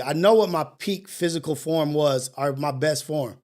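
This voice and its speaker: A middle-aged male morning show host with a high-pitched voice. He talks bluntly and profanely, mocking himself as he pushes listeners to do better. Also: moderate pace. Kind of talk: motivational monologue.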